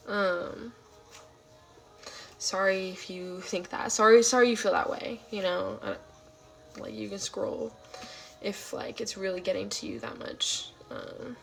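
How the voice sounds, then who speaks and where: 21-year-old californian woman livestreamer, gravelly fry, chatty and reactive, faint music behind. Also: medium pitch. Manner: chatty, reactive, frequent fillers and trailing whispers. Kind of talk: casual livestream chat.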